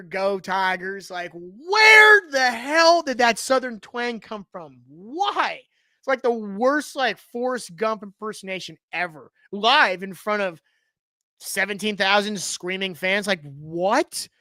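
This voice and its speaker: A man hosting a live sports talk stream, with a bright, cutting edge to his voice. He talks in loose, rambling runs, full of sarcasm and restarts. The sound is close and dry, with no room in it. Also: sits high, no room sound. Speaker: sports talk show host.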